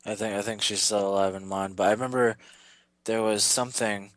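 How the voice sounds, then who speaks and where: Lower-voiced man, dry and hesitant. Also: steady tone, brisk, fairly bright tone, no room sound. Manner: hesitant, lots of fillers, asks questions. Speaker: podcast co-host. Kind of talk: casual gaming chat.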